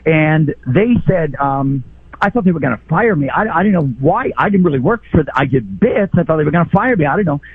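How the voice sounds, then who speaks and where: A radio host calling in to a station, talking in a heartfelt, reminiscing way. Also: male voice, fairly high pitch, expressive, a little fast, breathy edge, dry recording. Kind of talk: call-in radio chat. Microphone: telephone. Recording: tinny phone line on radio.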